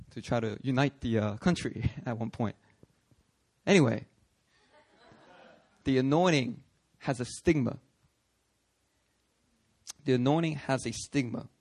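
A man preaching a sermon, animated and conversational, acting out voices in his stories. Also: medium pitch. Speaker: pastor.

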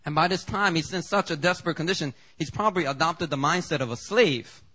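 Bright-voiced man preaching conversationally. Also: fast talker, slightly rough. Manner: conversational preaching, acts out quoted lines with big jumps in pitch. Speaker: pastor. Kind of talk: sermon.

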